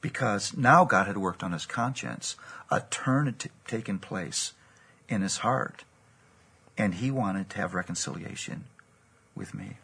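A man with a low, gravelly voice preaches, recounting a story from his own life. His tone is husky and earnest, and he acts out the dialogue as he goes. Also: animated, a little slow, pushed and bright. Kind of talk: sermon storytelling.

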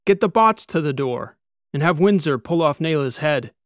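A man voicing a starship captain who shouts urgent orders to his crew. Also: a little high, moderate pace, gravelly, no echo, clean studio sound, voice pushed up. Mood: commanding. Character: commanding male starship captain in a crisis.

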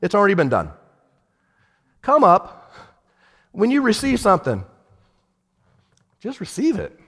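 A man preaching a sermon as pastor, animated, swinging from shouted lines to hushed ones. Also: high voice, measured pace, in a large hall.

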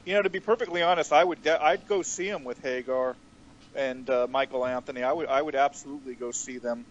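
Podcast cohost dude, lots of uh and um, hesitant, normal pitch, little hiss in the background. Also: male voice, quick pace, lo-fi sound. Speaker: podcast co-host. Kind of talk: casual podcast chat.

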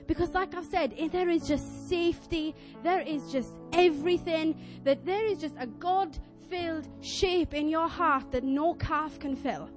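A young woman preaching a sermon, telling a story in a chatty, earnest, animated way and acting out voices. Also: very high-pitched, measured pace, hardly any pauses, faint music behind. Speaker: lay preacher.

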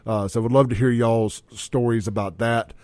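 A man's voice: mid-range voice, steady tone, normal speed, darkish tone, dry recording. A man hosting a radio talk show, brash and joking as he reads out the text line and phone line.

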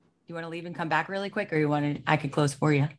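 A woman's voice: deep voice, very fast. A woman hosting an online training call, upbeat and chatty, speaking through a computer mic. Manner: upbeat, chatty, flustered by tech trouble.

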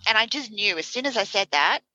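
A woman's voice: mid-range voice, fast talker, no room sound, muffled recording. A woman in casual chat, telling stories with animation and acting out what people said. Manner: animated storytelling, acts out quoted lines.

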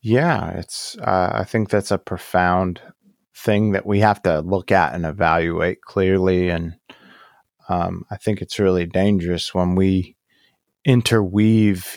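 A man in casual political chat, talking slowly and rambling, often trailing off mid-thought. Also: deep voice, a little mellow, no room sound, clean studio sound.

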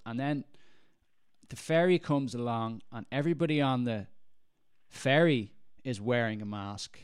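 A man's voice: mid-range voice, clean tone. A man, co-hosting a podcast and telling a story casually, mimicking the people in it. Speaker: podcast co-host.

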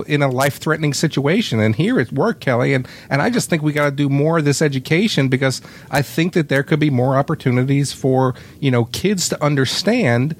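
A man co-hosting a casual podcast chat in a relaxed storytelling way. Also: mid-range voice. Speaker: podcast co-host.

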